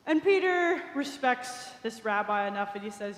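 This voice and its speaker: A woman's voice: fairly high pitch, expressive, normal speed, few pauses, fairly bright tone. A woman preacher retelling a story in a conversational sermon, with small asides. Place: large cathedral. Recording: echoey cathedral with long reverb.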